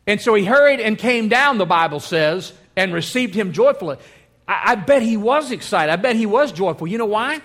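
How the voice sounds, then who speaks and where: A man preaching a sermon, animated, acting out the voices of the crowd. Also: high voice, a little fast. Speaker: pastor.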